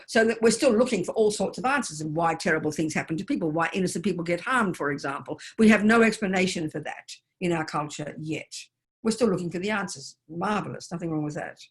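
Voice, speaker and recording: An older woman, a Buddhist nun, giving an emphatic dharma talk full of rhetorical questions. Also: fairly low pitch. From Australia.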